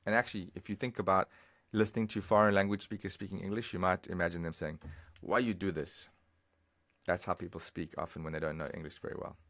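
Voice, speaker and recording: A man teaching a language lesson over a screen recording, patiently explaining and repeating phrases slowly, step by step. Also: sits low, level tone, vocal fry, fairly bright tone.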